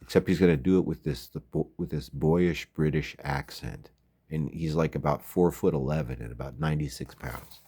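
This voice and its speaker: A man's voice: very deep voice, fairly even intonation, moderate pace, mellow, breathy edge. A man giving rambling, wry late-night commentary at home as a vlogger. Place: home at night, windows open.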